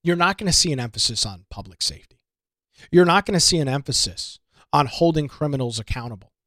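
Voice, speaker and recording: A man's voice: a little high, lively intonation, fast talker, fairly bright tone, dry recording, clean studio sound. A man hosting a political talk show, delivering an emphatic, indignant monologue with lots of rhetorical repetition. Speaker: radio talk show host.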